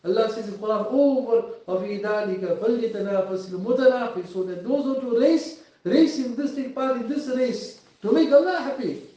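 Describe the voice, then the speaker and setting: A man's voice: extremely high pitch, rapid-fire, warm tone. A man preaching an earnest, pleading sermon with English, recorded from a distance in a mosque hall. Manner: earnest, pleading, rising and falling emotion. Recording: echoey hall from far off, dull lo-fi.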